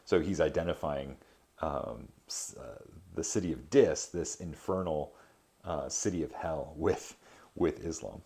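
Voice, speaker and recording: A man reading a poem aloud and explaining it in a casual, halting way, with many filler words. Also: very deep voice, gravelly, mellow.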